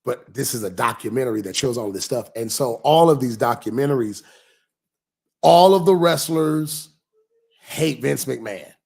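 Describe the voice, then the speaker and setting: A man hosting a pastor's livestream in a casual, animated way, repeating phrases and reading viewer comments aloud. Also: medium pitch, normal speed, vocal fry, husky.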